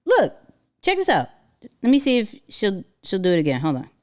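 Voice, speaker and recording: A woman hosting a casual livestream, talking in an animated, slangy way and laughing often. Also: mid-range voice, a little fast. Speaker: livestream host.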